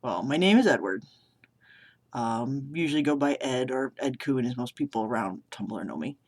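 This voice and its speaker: A man's voice: medium pitch, expressive, moderate pace. A young man from Massachusetts with a worn-out voice, doing a casual accent challenge vlog in a self-deprecating, hesitant way. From Massachusetts, United States. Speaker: vlogger. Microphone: camera below the monitor.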